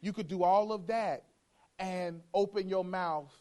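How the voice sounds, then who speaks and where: A man's voice: sits high, fairly even intonation, a little slow, darkish tone. A man preaching a sermon, emphatic and playful, hammering his point with repeated phrases and mimicking how churchgoers talk.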